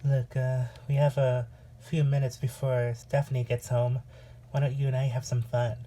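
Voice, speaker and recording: A woman voicing a smug, creepy young man in an amateur voice drama, pitched lower. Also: flat delivery, moderate pace, warm tone. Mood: smarmy. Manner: smarmy, lowered voice.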